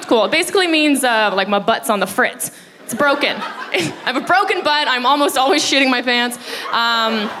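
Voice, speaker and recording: A young woman doing a stand-up set on stage, telling stories with giggles and mouth sound effects. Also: fairly high pitch. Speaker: stand-up comedian. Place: comedy festival stage before a live audience. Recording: live stage recording with crowd laughter and noise.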